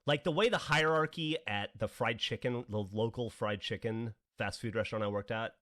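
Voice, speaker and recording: A man's voice: mid-range voice, moderate pace, fairly bright tone. A man in his forties telling funny stories on a podcast, swearing and laughing often and acting out the people he quotes. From American South. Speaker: podcast co-host. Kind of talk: casual storytelling.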